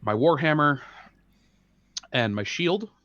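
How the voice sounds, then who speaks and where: A man's voice: on the high side, animated, slow pace, fairly bright tone, no echo, highs cut off. A man playing a tabletop game, talking in a dry, matter-of-fact way. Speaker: player.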